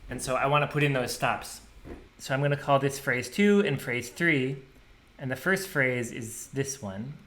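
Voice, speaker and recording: A man walking through a program he wrote, thinking aloud in a relaxed, casual way and scatting drum rhythms. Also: mid-range voice, moderate pace. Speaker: programmer demonstrating his software. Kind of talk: casual screen-share tutorial.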